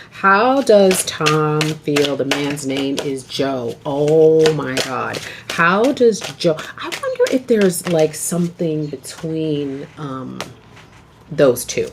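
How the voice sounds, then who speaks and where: A woman's voice: sits low, animated, slow, gravelly. A woman doing a casual, rambling tarot reading to camera, often asking okay. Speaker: tarot reader. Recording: noisy home video recording.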